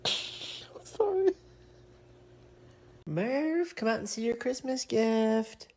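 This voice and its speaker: A woman's voice: fairly high pitch, measured pace, a little mellow, a little hiss or hum. A woman talking to her cat at home in playful, teasing baby talk, giggling often. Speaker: pet owner.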